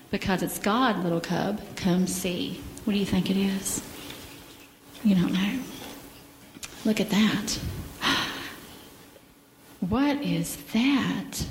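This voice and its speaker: A woman gently reading a picture book aloud to children in church, pausing to ask them questions. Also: mid-range voice, a little hiss or hum. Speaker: children's story leader. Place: church sanctuary. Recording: echoey hall with faint ambience.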